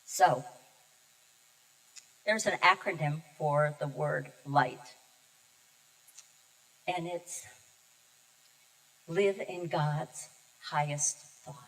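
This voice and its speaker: An older woman minister giving a heartfelt, personal sermon, telling her story with pauses and emotion. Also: deep voice, fairly bright tone. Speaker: guest minister. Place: church sanctuary. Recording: distant mic in a reverberant sanctuary.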